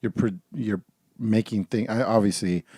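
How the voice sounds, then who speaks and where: A man's voice: fairly low pitch, moderate pace, warm tone, slightly rough, no echo, studio quality. A man co-hosting a casual gaming podcast, cracking jokes and swearing casually. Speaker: podcast co-host. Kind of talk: casual chat.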